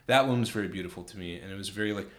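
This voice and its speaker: A man's voice: lowish voice, very fast, a bit bright. A young man co-hosting a film review podcast, chatting casually and rambling with lots of fillers. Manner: rambling, many fillers, enthusiastic. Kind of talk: casual chat.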